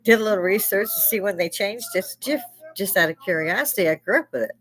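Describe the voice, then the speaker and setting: A woman's voice: mid-range voice, expressive, quick pace, fairly bright tone. A woman in her sixties, a live-stream host, telling rambling stories in a blunt, profane way and laughing often. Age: 60s. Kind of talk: casual chat.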